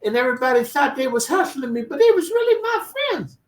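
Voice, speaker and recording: A man imitating a timid, naive young male inmate in a high, whiny voice. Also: big pitch swings, fast talker. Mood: naive pleading. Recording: roomy and distant from the mic.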